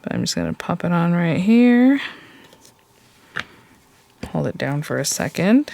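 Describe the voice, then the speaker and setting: A woman's voice: on the low side, expressive, normal speed, vocal fry, pauses often, a little mellow, no echo. A woman hosting a casual crafting tutorial, chatting and thinking aloud as she works and gushing over cute details. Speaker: crafting channel host.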